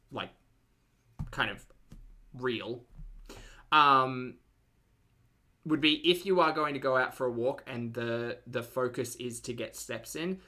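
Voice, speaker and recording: Chatty Australian man, bright voice. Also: mid-range voice. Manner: chatty, rambling, many fillers. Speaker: host. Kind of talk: casual reaction commentary.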